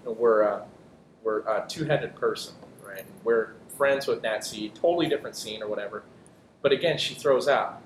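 A man who performs improv comedy, telling stories in a casual interview with quick jokes and many restarts. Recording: echoey room with faint rumble.

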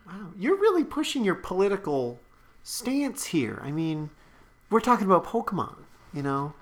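A woman co-hosting a comedic podcast, teasing her co-hosts with wry, quick asides. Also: medium pitch, very animated.

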